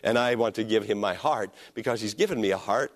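A man preaching a sermon as pastor, emphatic, rising to loud peaks and dropping to hushed lines, leading the congregation in call and response. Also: lowish voice, brisk.

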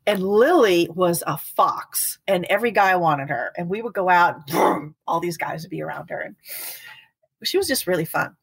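A woman in her fifties, a guest speaking about partner abuse in a casual podcast conversation, earnest and animated, acting out the people she quotes. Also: fairly low pitch, moderate pace, vocal fry, slightly rough, dry recording. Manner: earnest, animated storyteller who acts out quotes.

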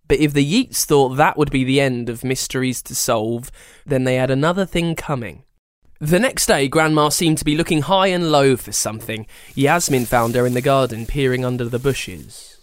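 A storyteller reading a children's story in an expressive, animated way. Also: mid-range voice, normal speed, no room sound, clean studio sound.

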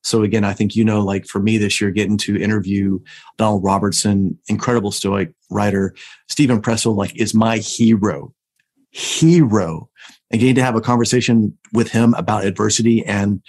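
A man's voice: lowish voice, flat delivery, brisk, darkish tone. A man hosting a podcast, enthusiastic and telling stories as he talks with his guest. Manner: enthusiastic, storytelling. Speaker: podcast host. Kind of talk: casual interview talk.

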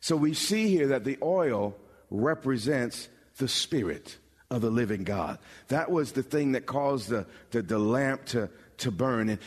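A pastor preaching a sermon, building from explanation to bold, emphatic calls with dramatic pauses. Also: male voice, medium pitch, husky. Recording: long hall reverb.

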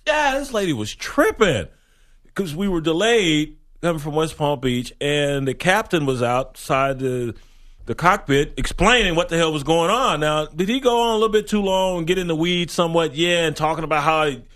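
A man co-hosting a sports radio show, joking and animated as he tells stories. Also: a little high. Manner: animated, joking, quick to laugh. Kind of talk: casual sports radio chat.

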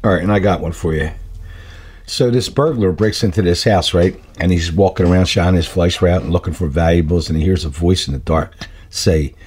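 A man's voice: deep voice, fairly quick, darkish tone, husky. A man hosting a talk radio show, upbeat and joking as he banters with his co-host.

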